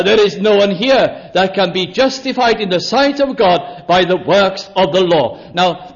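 A man preaching a sermon in a chapel, deliberate, slowing down to stress key phrases. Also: high-pitched. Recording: dull lo-fi sermon recording.

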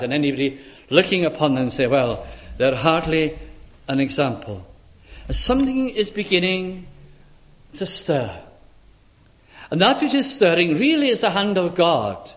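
A man preaching a sermon, expressive, acting out the voices of the people he quotes. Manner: expressive, acts out quoted voices with wide pitch swings.

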